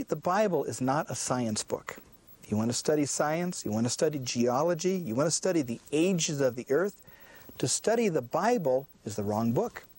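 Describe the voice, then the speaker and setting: A man's voice: a little high, a little mellow. A man preaching a sermon, often saying "listen" and posing questions he answers himself. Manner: emphatic, repeats "listen" to drive points home; asks rhetorical questions and answers them.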